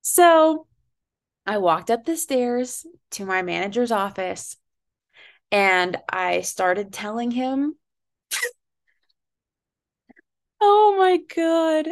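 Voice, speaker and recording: Animated young woman telling a story. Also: on the high side, very slow, pauses often. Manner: animated storytelling, swears freely, laughs at herself. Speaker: podcast co-host. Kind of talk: casual chat.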